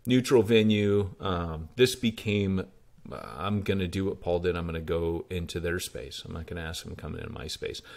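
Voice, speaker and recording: A man's voice: deep voice, moderate pace. An American man, a pastor, telling stories in a casual interview and acting out the dialogue he quotes. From United States. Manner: animated, acts out quoted dialogue. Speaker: pastor and church planter. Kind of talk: conversational interview storytelling.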